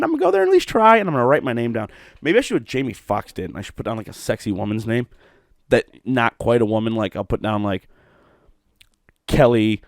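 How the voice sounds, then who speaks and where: A man's voice: medium pitch, no echo, studio quality. A middle-aged man from Ohio hosting a solo podcast, rambling, swearing and mocking himself. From Ohio, USA. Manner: rambling, profane, self-mocking. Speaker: podcast host.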